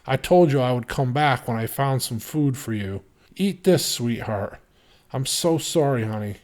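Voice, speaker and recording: A man voicing a beaten stranger who soothes his daughter in a soft, apologetic way. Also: medium pitch, a little slow, lightly acted. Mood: tender.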